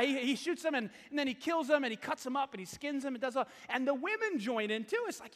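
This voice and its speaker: High, bright-voiced male preacher in a hall. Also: fast, few pauses. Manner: self-deprecating, chatty storytelling with laughs. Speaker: pastor. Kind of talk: sermon. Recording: hall reverb.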